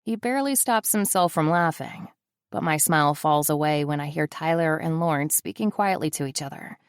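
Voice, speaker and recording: A woman's voice: deep voice, moderate pace, smooth, no room sound. A woman narrating a first-person audiobook in a wry, sardonic manner, close to the mic.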